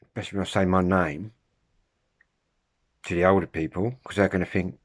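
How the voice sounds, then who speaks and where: A man with a Kent accent talks casually to his viewers, rambling through his points. He restarts his sentences often and drops slang as he goes. His voice sits a little low. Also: fairly even intonation, fairly quick, pauses often. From Kent, England. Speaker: vlogger.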